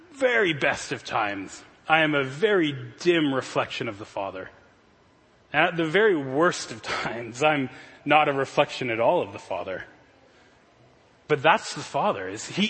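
A man in his thirties delivers a sermon in a conversational, earnest manner, with a somewhat raised pitch. His voice has a husky edge. The sound carries the long reverb of a large hall. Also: fairly bright tone. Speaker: pastor.

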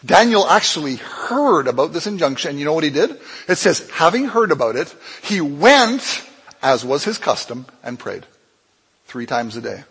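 A man pastor preaching a sermon, telling a Bible story with lively acted-out dialogue. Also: normal speed, slightly rough. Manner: animated storytelling, acts out dialogue with swings in pitch and loudness. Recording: long hall reverb.

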